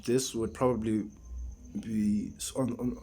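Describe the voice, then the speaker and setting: A man's voice: fairly low pitch, fairly even intonation, a little slow, gravelly, mellow, a little hiss or hum. A man giving a casual, rambling film review, exasperated and full of restarts and rhetorical questions.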